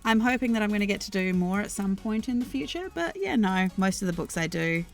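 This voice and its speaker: Answering her chat on a live stream, an Australian woman who streams and builds worlds thinks aloud in a loose, rambling way, full of ums and restarts. She speaks fairly quickly in an expressive, mid-range voice over faint background music.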